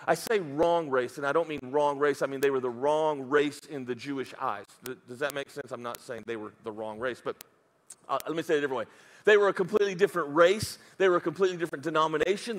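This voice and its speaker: Man, pastor, sermon, high voice, playful storytelling. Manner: lively storytelling with playful asides and put-on voices.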